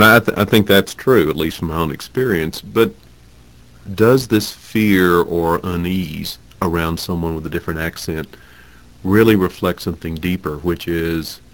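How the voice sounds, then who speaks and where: A man hosting an interview, asking measured, reflective questions. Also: low voice, a bit bright.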